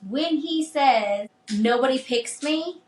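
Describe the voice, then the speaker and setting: A woman's voice: sits high, lively intonation, slow, a little mellow. Brief: woman podcast co-host, heartfelt and profane recap, roomy recording with light noise. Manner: emotional, swears, acts out characters' lines. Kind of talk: casual book review chat.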